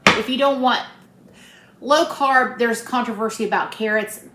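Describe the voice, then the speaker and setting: A cooking vlogger chats in a folksy, casual way with her viewers while she cooks in her home kitchen. Her voice sits on the high side and comes out bright and forceful at a slightly slow pace. The roomy kitchen carries the hum of central air running.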